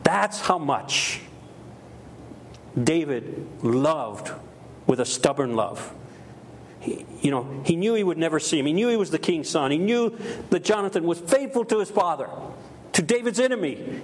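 Emphatic preaching man, slightly high voice. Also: lively intonation, unhurried, slight background noise. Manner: emphatic, repeats key phrases, acts out quoted voices. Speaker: pastor. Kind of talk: sermon.

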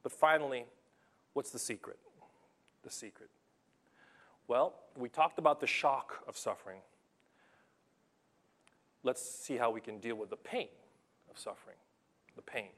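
A young adult man preaching a sermon in a conversational, animated way, telling stories from his coaching and acting out what people say. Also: mid-range voice, a little slow, pauses often. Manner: conversational, animated storytelling with acted-out quotes. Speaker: pastor and basketball coach.

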